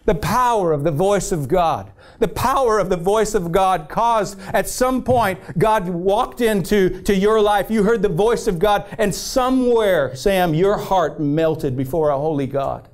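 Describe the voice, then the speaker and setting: A man with a high voice preaches with fervor, building his points through repeated phrases. He reads scripture passages aloud between his appeals to the congregation. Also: measured pace, hardly any pauses. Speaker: pastor. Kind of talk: sermon.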